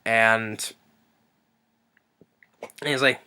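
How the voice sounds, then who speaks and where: A man's voice: fairly even intonation, moderate pace, sharp tone, smooth. A man reviewing a movie off the cuff, rambling with lots of fillers and restarts. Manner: briefly acts out quotes in a higher voice.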